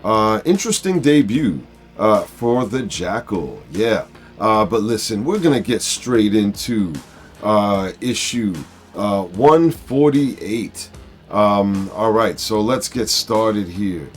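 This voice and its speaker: A man hosting a casual comic book review, talking in a halting way with many fillers. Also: fairly low pitch, animated, soft background music. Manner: halting, full of uh and um. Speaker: comic book video host.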